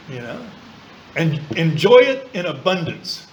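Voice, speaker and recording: A man sharing his recovery story in plain, earthy speech, salted with mild curses and lively impressions of the people he quotes. His voice sits a bit high for a man. A faint hiss runs under the recording of the meeting room. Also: normal speed, poor audio. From southern California. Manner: blunt, earthy and colloquial, with mild swearing; mimics voices of others in quoted lines. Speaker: AA meeting speaker. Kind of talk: personal recovery talk.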